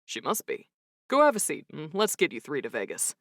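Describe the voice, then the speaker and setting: A man's voice: fairly high pitch, wildly swooping pitch, fairly quick, a bit bright, dry recording, clean studio sound, voice pushed down, full character voice. Woman voicing an easygoing grinning pilot. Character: cheerful airplane pilot.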